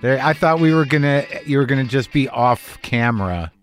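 Animated, profane middle-aged male host. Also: mid-range voice, moderate pace, soft background music. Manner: profane, wry, darkly joking. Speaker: podcast host. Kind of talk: rambling comic monologue.

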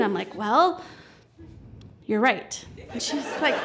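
A woman telling a personal story live on stage, lively and acting out people's lines as she quotes them. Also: on the high side, normal speed, a little hiss or hum. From Colorado, USA. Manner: lively, quotes people in brief voices, laughs often.

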